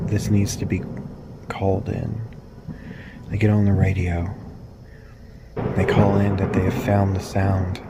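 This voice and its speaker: A man slowly narrating a spooky true story, drawn out and hushed at moments. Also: lowish voice, heavy background noise.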